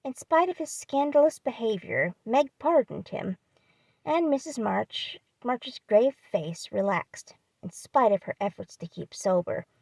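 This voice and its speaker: A woman narrates a classic novel as an audiobook, reading steadily and stopping now and then to fix a hard word. Her voice is mellow, with a gravelly edge, and the recording is dry and close. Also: mid-range voice, no room sound. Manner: steady, self-correcting on hard words.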